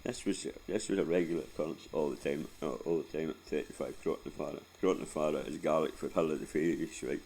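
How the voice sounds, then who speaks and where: Very deep gravelly Scottish man. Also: fairly even intonation, fast talker, few pauses, darkish tone, a little hiss or hum, low-quality recording. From Scotland. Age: 40s. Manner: rambling, sweary, laughs often. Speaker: vlogger. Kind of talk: casual storytelling.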